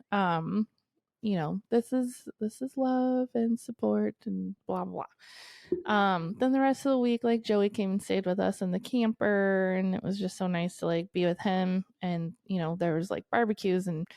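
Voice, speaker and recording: A woman's voice: fairly low pitch, a little mellow, dry recording, clean studio sound. A woman in her thirties co-hosting a podcast, telling a story in casual chat, swearing freely and laughing often. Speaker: podcast co-host.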